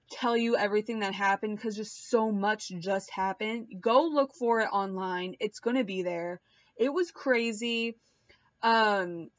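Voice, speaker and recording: A young woman recapping reality-show drama in a casual, animated way, mimicking people in high voices and swearing offhand; she is pregnant and queasy. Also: no echo. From Puerto Rican and Cuban heritage. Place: hot room at home. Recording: dull, dry home recording.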